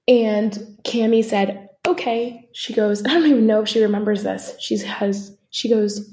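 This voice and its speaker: A woman's voice: mid-range voice, steady tone, measured pace, hardly any pauses, warm tone. A woman co-hosting a podcast, telling a candid personal story in a casual way with frequent fillers and asides. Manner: conversational, many fillers and asides. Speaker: podcast co-host.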